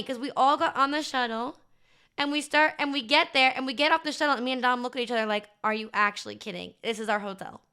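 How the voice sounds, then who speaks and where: A woman's voice: sits high, sharp tone. A young woman streamer chatting casually to her live chat, bubbly and gushing, with lots of fillers.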